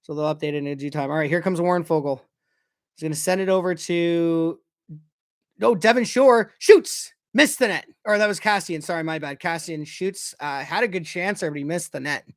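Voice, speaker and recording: Excitable male hockey fan calling plays. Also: on the high side, normal speed. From Canada. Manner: excitable, swears, shouts at goals. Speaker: fan commentator. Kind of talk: casual play-by-play watch-along.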